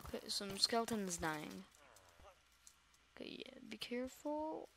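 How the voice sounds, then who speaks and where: A woman commenting on her own gameplay in a medium-pitched voice, talking straight to her viewers. She is excitable and dramatic, firing off repeated words in quick bursts. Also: gravelly. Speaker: gamer host. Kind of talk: let's-play commentary.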